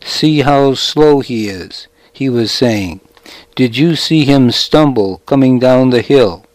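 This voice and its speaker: A man's voice: medium pitch, slow pace, darkish tone, no echo, natural voice. Man voicing a boastful young male shepherd, whiny, scheming, dry close sound. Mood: bragging. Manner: whiny, bragging.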